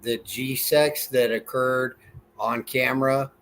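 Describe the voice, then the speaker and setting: A man chatting on a podcast, hesitant and halting as he stumbles through restarts. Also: mid-range voice, steady tone, fairly bright tone, rough recording. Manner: hesitant, many fillers and restarts. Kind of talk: casual chat.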